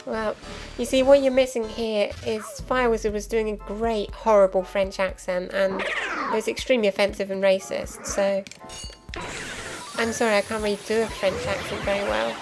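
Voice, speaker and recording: At normal speed and in a level, mid-range voice, a young woman provides casual gameplay commentary, chatty and explanatory with frequent ums and little asides. The recording quality is low, and game music is clearly playing behind.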